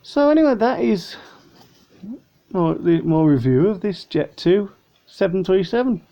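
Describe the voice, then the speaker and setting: A man's voice: high-pitched, animated, a little slow, gravelly, mellow. A man chatting casually through a model plane unboxing review, rambling and a little tired. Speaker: vlogger. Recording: dull lo-fi home recording.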